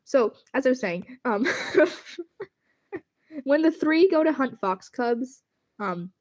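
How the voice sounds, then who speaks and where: Brief: young-sounding woman on a casual drawing stream, bright higher voice, chatty and giggly. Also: expressive, measured pace. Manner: giggly, rambling, often thanks viewers. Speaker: livestreamer. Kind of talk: casual livestream chat while drawing.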